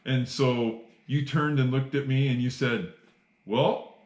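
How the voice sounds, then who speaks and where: A man's voice: medium pitch, steady tone, measured pace, darkish tone, reverberant. A man interviewing an old firefighter colleague, friendly and affirming as he recalls shared memories. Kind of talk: casual interview.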